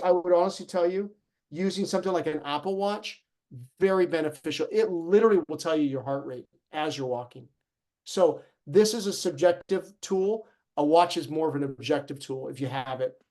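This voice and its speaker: A man teaching a live online fitness class, talking straight to his group in an energetic, encouraging way. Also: on the high side. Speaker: fitness instructor.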